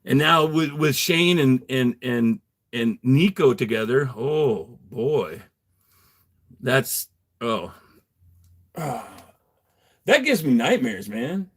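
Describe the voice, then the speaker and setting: A man's voice: medium pitch, animated, slow, pauses often, slightly rough. Profane rambling livestreamer man. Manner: profane, rambling, laughs often, reads chat aloud. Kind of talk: casual livestream chat. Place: home garage.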